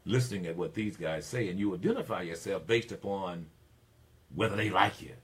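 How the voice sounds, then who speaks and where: An older man hosts talk radio, preaching his points emphatically. His low voice rises and falls with lively swings between quiet asides and loud declarations. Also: breathy edge. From Mississippi. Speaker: radio talk show host. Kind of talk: opinionated talk radio monologue.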